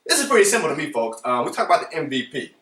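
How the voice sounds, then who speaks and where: A man hosting a casual sports podcast, talking in an animated, playful way and speaking straight to his listeners. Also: fairly high pitch, racing, far from the mic. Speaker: podcast host. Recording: roomy echo, voice from off the mic.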